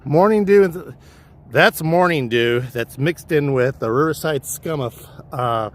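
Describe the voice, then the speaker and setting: A man's voice: on the high side, a little slow. A man livestreaming while hiking a trail, casually telling a wandering, profane story. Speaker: livestream vlogger. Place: outdoor hillside trail.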